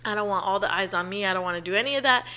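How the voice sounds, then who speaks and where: A woman's voice: medium pitch, very fast, bright, forceful tone. A young woman co-hosting a casual chat, telling a story animatedly, acting out quotes and laughing often. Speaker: podcast co-host.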